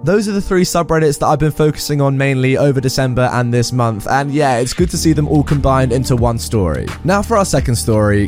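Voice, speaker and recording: A man's voice: a little high, darkish tone. Upbeat male storytime host. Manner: upbeat, chatty. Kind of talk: reading reddit stories aloud.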